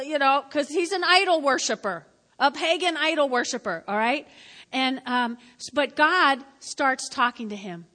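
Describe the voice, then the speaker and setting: A woman pastor preaching a sermon to her congregation. She speaks emphatically, repeats her key lines, and swings between loud and quiet. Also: sits high. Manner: emphatic and repetitive, addressing the congregation directly. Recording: long reverb of a church hall.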